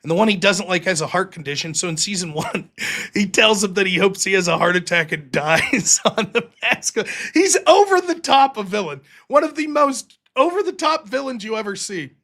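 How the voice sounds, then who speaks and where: Animated, profane man hosting a livestream. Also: high-pitched, normal speed. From United States. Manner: profane, rambling, jokey. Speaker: livestream host. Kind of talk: casual livestream commentary.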